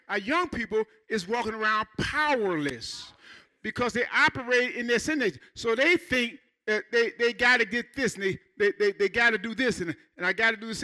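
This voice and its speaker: A man preaching a church sermon, animated, with playful asides and acted-out quotes. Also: very high-pitched. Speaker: pastor.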